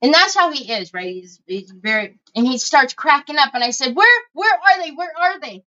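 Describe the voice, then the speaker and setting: A high, bright-voiced middle-aged woman, chatting to her livestream viewers as she crafts. She spins stories in a chatty, friendly way, calling them y'all. The stream audio is a little dull and lo-fi. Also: big pitch swings, normal speed. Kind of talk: casual chat while crafting.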